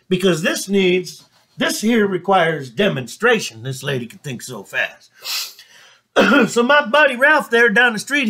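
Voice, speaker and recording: A man's voice: sits high, fairly bright tone. A man, hosting and telling a folksy, joking comic story. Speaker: comedian host.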